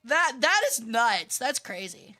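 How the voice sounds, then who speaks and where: A woman's voice: on the high side, sing-song, takes it slowly, pushed and bright. A woman streaming a video game, chatting casually with her viewers and arguing with them in a playful, bratty, mock-outraged way. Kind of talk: casual gaming livestream chat.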